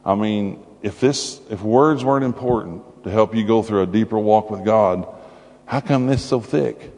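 A man preaching a sermon to a congregation, animated and conversational, with playful asides. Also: fairly low pitch, normal speed. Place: church hall before a congregation. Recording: long hall reverb with faint music.

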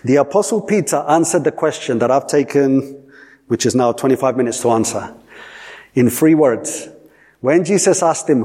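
A male preacher delivers a sermon in a husky, slightly breathy voice. He repeats key lines for weight and keeps putting questions to his listeners. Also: medium pitch, animated, normal speed, warm tone. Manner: repetitive, emphatic, asks the audience questions.

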